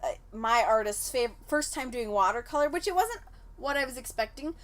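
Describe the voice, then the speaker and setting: A young woman co-hosting a casual podcast chat, telling stories and acting out quotes with big jumps in pitch. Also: animated, normal speed, a bit bright. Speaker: podcast co-host.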